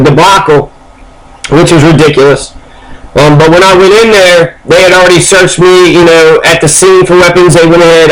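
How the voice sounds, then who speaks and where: Brief: man with a slightly raised pitch, hesitant, casual news-commentary delivery, full of fillers. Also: rough recording. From Kentucky. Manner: reads news passages aloud, then rambles through his reactions; hesitant, with frequent ums and uhs.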